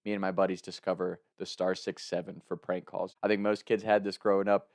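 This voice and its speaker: Low-voiced man telling a comic story. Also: fairly quick, no room sound, studio quality. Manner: animated, laughs often while telling the story.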